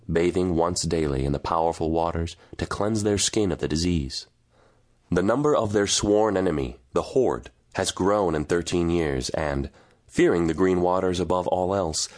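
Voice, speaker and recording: Male audiobook narrator, deep register, steady grave storytelling. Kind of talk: scripted narration.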